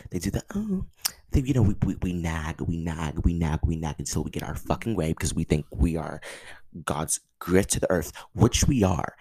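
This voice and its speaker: A man with an extremely deep, gravelly voice talks through a casual solo podcast. He is excitable and trips over his words, restarting sentences and swearing freely, and his pitch jumps high when he gets worked up. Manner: excitable, stammering, swears a lot. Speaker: podcast host.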